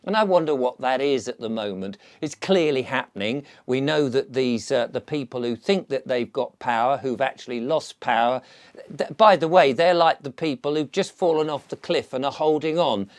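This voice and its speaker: A man's voice: mid-range voice, normal speed. An older English man talking to camera in a chatty, theatrical monologue, slipping into comic voices. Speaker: vlogger.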